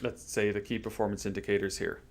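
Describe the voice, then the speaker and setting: A man's voice: lowish voice, level tone, fast. A man presenting on a live stream, walking through a planning method in an upbeat, chatty, lightly joking way. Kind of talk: live stream workshop explanation.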